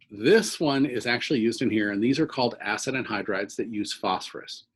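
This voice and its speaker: A man's voice: fairly low pitch, husky, low-quality recording. A man teaching organic chemistry in a recorded lecture, explaining step by step and often checking in with "okay?".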